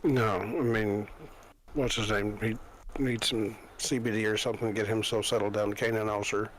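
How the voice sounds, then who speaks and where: A man's voice: on the low side, fairly even intonation, moderate pace, rough recording. A man co-hosting a casual livestream, thinking aloud in a hesitant way. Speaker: co-host. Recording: faint background noise.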